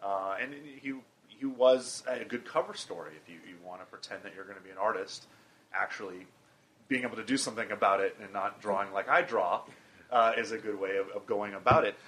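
A man hosting an interview for a museum, relaxed and asking questions. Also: lowish voice, fairly quick, a little hiss or hum. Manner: relaxed, asks questions, short backchannels. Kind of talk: conversational interview.

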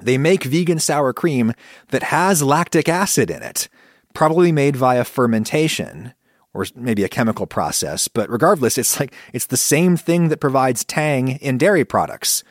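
Male podcast host, reflective monologue, lively intonation, dry booth sound. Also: medium pitch, moderate pace, dry recording. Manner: conversational, reflective, animated when quoting thoughts.

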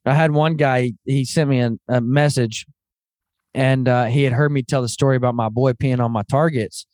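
A man hosting a podcast, telling stories in lively casual chat and calling people "man". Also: mid-range voice, normal speed, no room sound, studio quality. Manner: animated storyteller, calls people "man". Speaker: podcast host.

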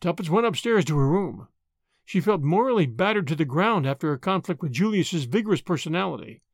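An audiobook narrator reading a novel aloud with expressive narration. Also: medium pitch, fairly quick, dry recording, clean studio sound. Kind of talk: scripted narration.

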